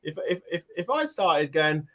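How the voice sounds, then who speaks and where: A British man co-hosting a casual podcast, talking in an animated way and breaking into mock voices. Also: on the high side, normal speed, highs cut off, a little hiss or hum. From Britain. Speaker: podcast co-host. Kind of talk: casual chat.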